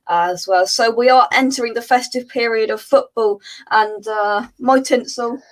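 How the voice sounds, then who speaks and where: A woman's voice: on the high side, normal speed, rough recording. A woman hosting a live football fan show, chatting casually and reading out viewer comments with plenty of filler words.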